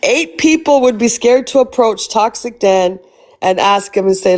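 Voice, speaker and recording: A woman's voice: a little high, moderate pace. A woman hosting a casual livestream, blunt and swearing freely as she asks rhetorical questions. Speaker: livestream host.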